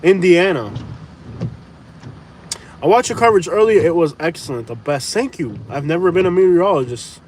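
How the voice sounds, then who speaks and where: A man with a slightly high voice chats and jokes his way through a live stream, repeating phrases and laughing easily. He talks from inside a running truck, with a faint engine hum and storm noise underneath. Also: lively intonation, normal speed, pauses often, darkish tone. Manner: jokey, laughs often, repeats phrases playfully. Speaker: live-stream host reading viewer comments. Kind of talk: casual live-stream chat. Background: engine hum, wind and rain.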